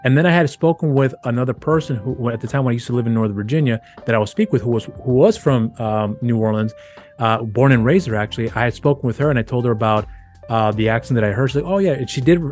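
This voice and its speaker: A man's voice: medium pitch, fast, a little mellow, faint music behind. A man hosting his own channel, giving a casual, rambling film review with many restarts and fillers. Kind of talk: casual movie review monologue.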